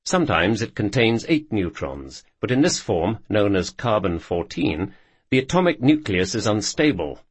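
Male nonfiction narrator, lowish husky voice, lively delivery, dry studio read. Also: no room sound.

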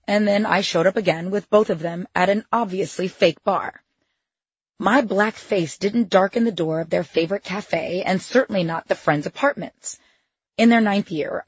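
A woman's voice: mid-range voice, breathy edge, dry recording, muffled recording. A woman reading her own memoir in the first person, with a wry, sardonic edge to her asides. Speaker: memoir narrator.

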